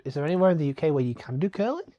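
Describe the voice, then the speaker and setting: A man's voice: on the high side, very animated, racing, mellow, highs cut off. A young man co-hosting a casual, comedic film commentary, joking and laughing often. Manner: jokey, laughs often, does silly quoted lines.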